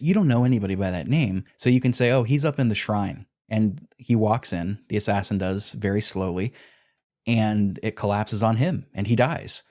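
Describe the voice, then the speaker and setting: A man with a fairly low voice talks through a video game on a podcast. He's casual and animated, recounting quests and acting out bits of dialogue along the way. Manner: animated retelling, acts out character lines. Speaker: podcast co-host.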